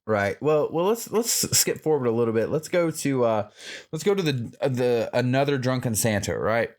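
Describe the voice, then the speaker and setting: A man's voice: mid-range voice, lively intonation, moderate pace, a little mellow. Rambling, profane male podcast co-host. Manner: loose, profane, rambling recap. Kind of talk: casual movie-review chat.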